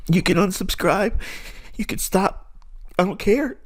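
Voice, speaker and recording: A man's voice: sits high, a little slow. A middle-aged man speaking as a trading mentor, giving an earnest, preachy, emphatic monologue to his viewers.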